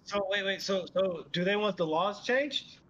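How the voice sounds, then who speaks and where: A man's voice: high-pitched, moderate pace, lo-fi sound, a loud crowd. A man co-hosting a podcast, joking and mocking in casual chat. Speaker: podcast co-host.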